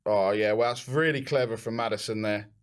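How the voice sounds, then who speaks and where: A young man hosting a live football watch-along, excitable and shouting encouragement. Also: fairly low pitch, fairly quick, smooth.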